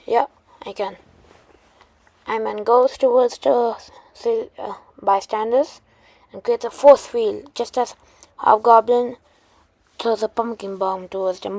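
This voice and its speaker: Woman, fan story retelling, halting, many restarts, creaky voice, dry close sound. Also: fairly high pitch, no room sound.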